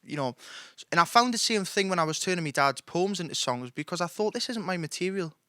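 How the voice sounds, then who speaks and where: A man's voice: a little high, animated, fairly quick, pushed and bright, clean tone, dry recording, clean studio sound. A young man, a musician guest, chatting casually in a live interview, telling jokey stories with the odd swear word.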